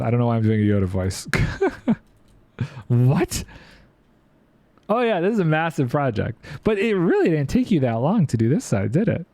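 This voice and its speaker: A man's voice: on the high side, big pitch swings, moderate pace, pauses often, a little mellow, dry recording. A man streaming a building game, chatting playfully and thinking aloud while reading chat. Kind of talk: casual gameplay commentary.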